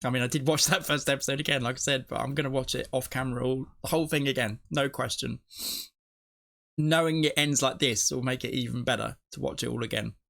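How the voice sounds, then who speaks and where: A man's voice: mid-range voice, steady tone, fast, creaky, fairly bright tone. A man hosting a TV reaction video, talking casually and emotionally as he thinks aloud, often restarting his sentences. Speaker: TV reaction channel host.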